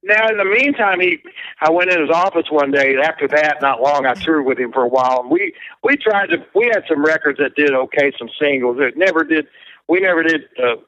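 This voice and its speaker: A man's voice: on the high side, expressive, fairly quick, bright, forceful tone, no room sound, lo-fi sound. A man as a guest in an interview, telling long rambling anecdotes and acting out what others said. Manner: rambling anecdotal storyteller, acts out quoted voices. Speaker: guest musician. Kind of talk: casual storytelling interview.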